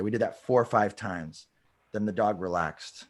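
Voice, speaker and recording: A man who is a dog trainer on a podcast, telling a client story in a lively way. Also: on the low side, normal speed. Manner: lively storyteller, many backchannel hums.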